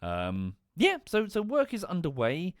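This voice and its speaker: A man's voice: fairly high pitch, huge pitch swings, measured pace, no room sound, clean studio sound. A man livestreaming, chatting casually in a rambling way. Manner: rambling, lots of fillers and restarts. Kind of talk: casual stream chat.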